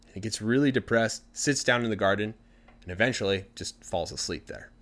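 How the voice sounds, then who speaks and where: A man retelling a story for language learners in an animated, conversational way. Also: fairly low pitch, a little fast.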